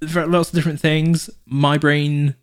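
A man's voice: fairly high pitch, level tone, measured pace, clear, resonant tone. Rambling, self-correcting man co-host. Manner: rambling, self-correcting, lots of fillers and restarts. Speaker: podcast co-host. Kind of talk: casual chat.

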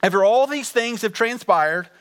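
Bright high-voiced preacher, lively and direct. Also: male voice, moderate pace, smooth. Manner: animated, conversational, speaks directly to the congregation. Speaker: pastor. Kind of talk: sermon. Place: church.

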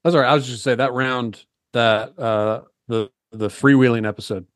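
A man chats as a podcast guest in an ordinary mid-range voice. He is earnest and a little halting and restarts his phrases often. The recording is dry and close. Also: mid-range voice, steady tone, no room sound. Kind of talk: casual conversation.

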